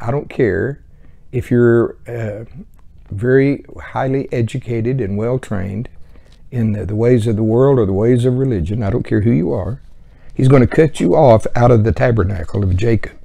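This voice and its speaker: A man's voice: mid-range voice, moderate pace, vocal fry, dark tone. A man teaching verse by verse through a Bible book in a conversational way, with chuckling asides.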